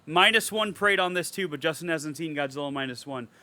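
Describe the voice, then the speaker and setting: Male podcast co-host, raised, bright voice, profane and animated, casual chat. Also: fairly high pitch, a little fast, dry recording. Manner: animated, profane, emotional storytelling.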